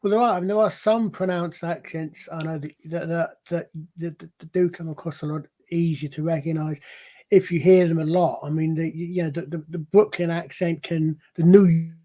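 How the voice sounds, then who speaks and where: A man's voice: fairly high pitch, steady tone, moderate pace, dark tone. A man in a casual panel chat, explaining things at length in a rambling, digressive way with many restarts. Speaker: panel guest.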